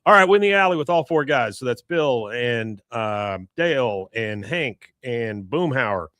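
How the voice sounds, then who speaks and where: A man hosting a podcast, casually retelling a cartoon episode in an animated storytelling way. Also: medium pitch, measured pace, no echo. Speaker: podcast host.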